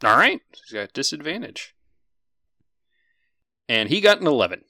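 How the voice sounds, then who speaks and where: A man narrating a tabletop game as game master. His voice is bright and animated, with a lively rise and fall, and it sounds close and dry on a home mic. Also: on the high side, normal speed, vocal fry, no room sound. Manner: lively, casual, swears freely.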